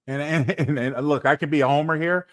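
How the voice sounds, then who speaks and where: Fast-talking emphatic former player. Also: male voice, fairly high pitch. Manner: emphatic, animated, jokey storytelling. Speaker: former player turned analyst. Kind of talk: casual sports podcast talk.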